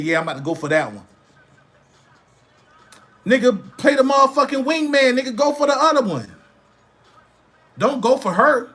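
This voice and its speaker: A man's voice: high-pitched, a bit bright. A man hosting a livestream, lecturing his viewers in a blunt, profane way and repeating phrases for emphasis. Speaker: livestream host. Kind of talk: casual live-stream rant.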